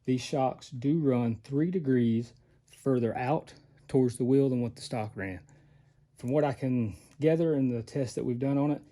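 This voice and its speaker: A man's voice: mid-range voice, warm tone. A man giving a casual how-to while he works on a vehicle, plain-spoken and out of breath. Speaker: off-road parts maker showing an install.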